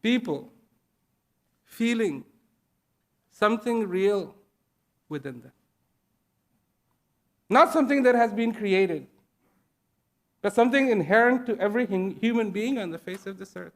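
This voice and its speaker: A man giving a speech to an audience, slow and deliberate, pausing between short phrases and repeating key words for emphasis. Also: high voice, expressive. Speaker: invited speaker. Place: event at a large international venue.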